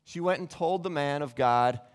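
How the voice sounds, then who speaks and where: A man's voice: fairly high pitch, normal speed, clean tone, long reverb tail. A man giving a Bible teaching sermon, earnest and explanatory, often restarting his sentences. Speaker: preacher.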